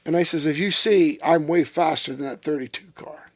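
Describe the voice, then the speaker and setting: A man telling a story in a casual interview, profane and animated, acting out what people said. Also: fairly high pitch, normal speed, dry recording. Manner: profane, animated storyteller who acts out quotes. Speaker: interview guest.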